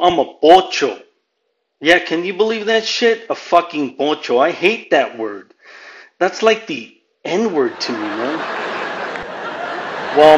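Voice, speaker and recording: His voice is a little high, and the home podcast mic gives a lo-fi sound. He's a Southern Californian podcast host doing a crude, rambling stand-up monologue, slipping Spanish phrases into English.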